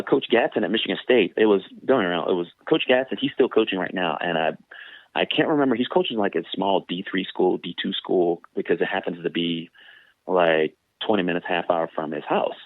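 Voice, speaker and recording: A man's voice: a little fast, dry recording, phone-quality sound. A former sprinter telling stories casually in an interview, acting out the people he quotes. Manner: animated, acts out quoted voices with big pitch jumps.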